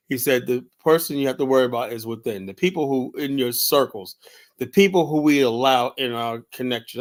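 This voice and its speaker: A male show host delivers solo commentary in a mid-pitched voice, sounding tired. His talk rambles through repeated fillers and false starts, with a mocking, combative edge. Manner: rambling, heavy on fillers and restarts. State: tired, yawning.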